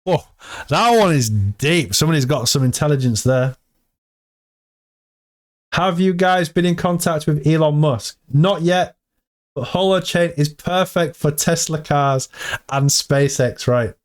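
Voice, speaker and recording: Excitable man hyping crypto. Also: fairly high pitch, a little slow. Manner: excitable, hyped, talks to viewers as "team". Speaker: crypto vlogger. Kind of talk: casual commentary, reading out an AMA.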